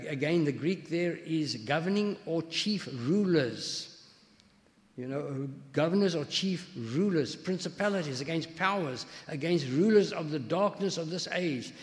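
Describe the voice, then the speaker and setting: Man preaching with long hall reverb. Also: a little high. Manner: conversational preaching with anecdotes and scripture reading. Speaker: pastor. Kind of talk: sermon.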